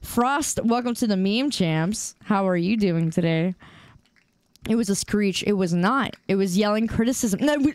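Smooth-voiced young woman streamer rambling. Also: medium pitch, expressive, a little mellow, no room sound. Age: 20s. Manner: playfully defensive, rambling with halting restarts. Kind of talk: casual livestream chat with viewers.

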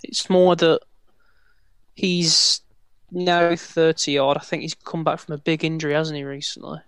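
A relaxed man gives his opinions as a football podcast panelist, wandering through his points and repeating phrases. His voice is a little on the high side. The recording is close and dry. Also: unhurried, clear, resonant tone, dry recording. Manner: rambling, relaxed, repeats himself. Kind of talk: casual football podcast chat.

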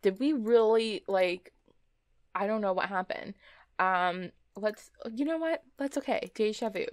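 A woman's voice: mid-range voice, a little slow, no room sound. A woman giving casual, chatty commentary while playing a game, talking to her characters, often laughing and repeating herself in exasperation. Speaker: let's play host.

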